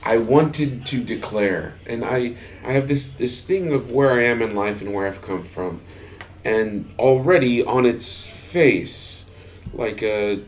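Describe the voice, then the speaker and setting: A man's voice: medium pitch, a little hiss or hum. Chatty Texan-raised man telling stories. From Texas. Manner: halting, restarts often, laughs while telling stories. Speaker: podcast co-host. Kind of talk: casual chat.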